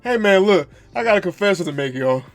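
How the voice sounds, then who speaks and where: Over music, a father of a second grader rants fast and animatedly to camera in a high voice about his team. This casual fan commentary mixes laughter with overblown mock grief.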